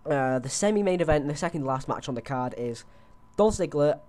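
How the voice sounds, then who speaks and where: A young man talks casually into a headset, rambling with frequent fillers and restarts. His voice sits somewhat high for a man. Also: lively intonation, brisk, darkish tone. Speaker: host. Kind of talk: casual wrestling predictions chat.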